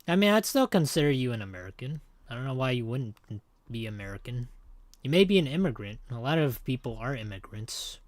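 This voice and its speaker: A man's voice: mid-range voice, sing-song, brisk, no echo. A man streaming a game, chatting casually and jokingly with his viewers in a rambling way. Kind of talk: casual livestream chat.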